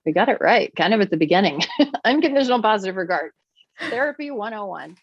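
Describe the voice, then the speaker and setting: A woman speaking as a podcast guest and teacher, animated and expressive, her voice swinging widely in pitch as she explains her ideas. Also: a little fast, husky, dry recording, highs cut off. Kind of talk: conversational podcast interview.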